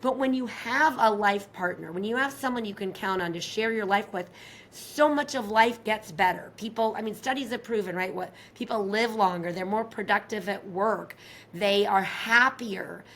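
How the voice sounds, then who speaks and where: A woman's voice: mid-range voice, moderate pace, fairly bright tone, a little hiss or hum. A woman, a relationship expert guest, talking expressively in an interview and acting out quoted lines. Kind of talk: animated interview talk.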